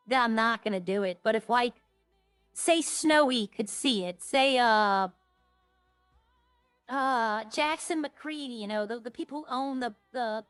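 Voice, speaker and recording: Higher-voiced woman streaming a game. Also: fairly bright tone, no room sound. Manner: rambling, thinking aloud. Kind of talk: casual gameplay chat.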